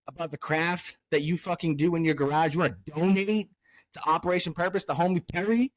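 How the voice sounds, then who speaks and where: A man's voice: sits high, no room sound. A man hosting a casual podcast, swearing constantly and swinging from angry rants to hyped cheer. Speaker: podcast host.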